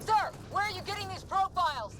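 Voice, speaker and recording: A woman's voice: very high-pitched, expressive, a little fast. A woman playing a loyal soldier, making clipped tactical calls in a fight. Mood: tense. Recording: game audio over loud music.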